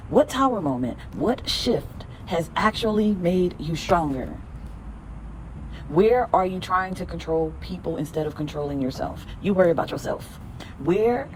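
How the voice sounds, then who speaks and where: Woman, podcast host, tarot reading, lower voice, emphatic, cussing, slow repeated affirmations. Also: darkish tone, slight background noise. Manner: blunt, emphatic, swears a lot; repeats lines slowly for affirmations. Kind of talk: spiritual pep talk.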